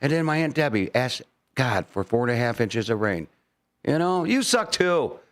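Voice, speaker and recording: A man's voice: medium pitch, sing-song, moderate pace. A man co-hosting morning radio in a studio, ranting in an exasperated, theatrical way. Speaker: radio co-host. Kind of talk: comic rant on morning radio.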